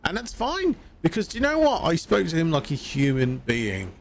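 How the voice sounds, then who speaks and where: A man's voice: fairly high pitch, huge pitch swings, normal speed, gravelly, a little hiss or hum. A man streaming a video game live, chatting casually in a rambling way and laughing at himself. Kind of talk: casual live-stream chat while gaming.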